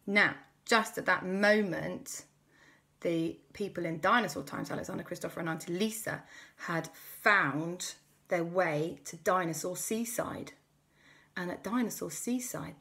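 A woman's voice: on the low side, creaky. A woman host telling a playful, improvised children's story. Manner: playful, lively, many character voices.

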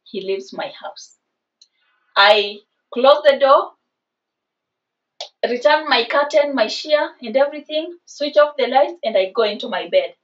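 Casting note: Kenyan woman in her twenties, high voice, lively storyteller, slightly distant dull recording. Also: measured pace, long pauses. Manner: animated, mixes in Swahili slang. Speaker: vlogger. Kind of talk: casual storytime.

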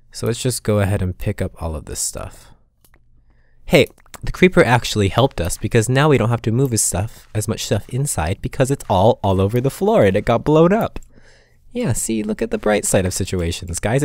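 Deep-voiced guy talking through his game, mumbly asides, then yelps when stuff goes wrong. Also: a little mellow, no echo. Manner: chatty, muttering asides, sudden exasperated outbursts. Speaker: gaming channel host. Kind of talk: casual gameplay commentary.

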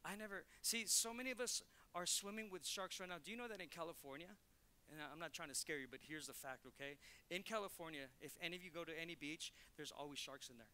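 A man's voice: on the high side, fast, sharp tone, smooth. A male pastor preaching a conversational sermon in church, telling stories and acting out quotes. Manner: conversational, storytelling with acted quotes.

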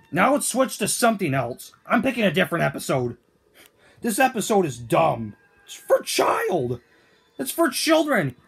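A man's voice: very high-pitched, creaky, husky, heavily acted. A man voicing Toad as a grumpy, whiny male figure in a fan-made cartoon, ranting with indignant questions.

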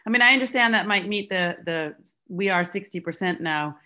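A biology instructor speaking frankly in a staff meeting over a video call. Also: female voice, mid-range voice, normal speed, bright, forceful tone. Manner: frank, conversational. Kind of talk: online staff meeting discussion.

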